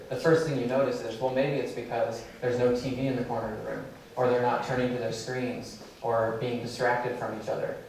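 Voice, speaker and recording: A man's voice: mid-range voice, darkish tone, a little hiss or hum. A man giving a keynote talk, telling a personal story in a loose, conversational way with many fillers. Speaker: keynote speaker. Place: large lecture hall. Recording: echoey hall, mic from a distance.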